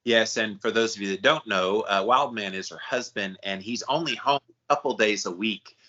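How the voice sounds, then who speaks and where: A man's voice: on the low side, moderate pace, sharp tone, highs cut off. A man hosting a podcast, chatting casually with his cohost and often restarting his sentences. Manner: conversational, frequent restarts. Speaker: podcast host.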